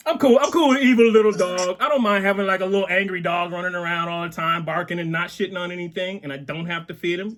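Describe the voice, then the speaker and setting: Animated high-voiced male comedian. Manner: animated, laughing at his own jokes. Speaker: stand-up comedian. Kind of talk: stand-up set. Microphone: video call.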